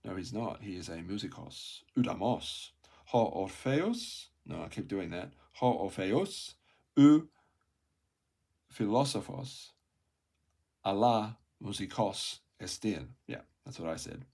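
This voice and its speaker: A man reading through a Greek textbook aloud, sounding out words slowly, repeating them and correcting himself, with quiet asides. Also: deep voice, vocal fry, breathy edge. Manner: thinks aloud with soft asides.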